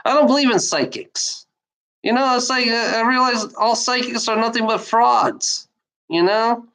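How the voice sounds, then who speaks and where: A woman's voice: on the high side, a little slow, a bit bright, rough recording. Rambling, profane woman chatting. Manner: rambling, profane, laughs often. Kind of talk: casual rambling monologue.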